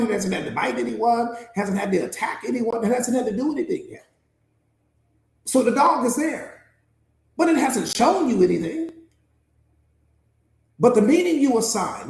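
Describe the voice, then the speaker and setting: A man coaching a live motivational class, telling stories in a lively, casual way. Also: very high-pitched, creaky, echoey room. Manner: animated storytelling, casual and laughing.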